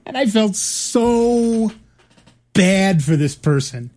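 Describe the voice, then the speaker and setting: A man's voice: high-pitched, big pitch swings, slow, darkish tone. A middle-aged man with a slightly raised voice tells stories in a loose, meandering way. He restarts his sentences often and keeps the tone of easy conversation among co-hosts. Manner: rambling, with many restarts and fillers. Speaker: podcast co-host. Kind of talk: casual chat, storytelling.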